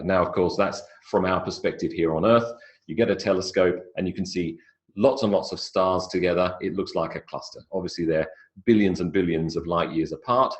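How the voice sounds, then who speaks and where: A man giving a live online English pronunciation lecture in a chatty, explanatory way. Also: sits low. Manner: chatty, explanatory, stretches words for emphasis.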